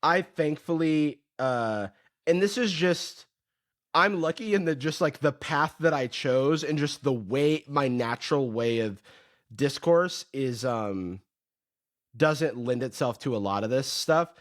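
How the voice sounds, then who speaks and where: A man's voice: medium pitch, measured pace, no echo, studio quality. A man guesting on a podcast, chatting casually in a thoughtful, hesitant, wry way. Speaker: guest, YouTuber. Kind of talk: casual chat.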